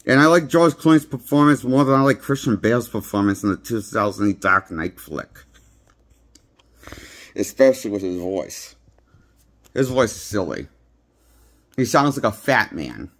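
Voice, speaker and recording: A man's voice: lowish voice, lively intonation, moderate pace, long pauses. A man giving a rambling, blunt casual movie review, recorded on a handheld phone. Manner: rambling, blunt, repeats himself. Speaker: movie critic.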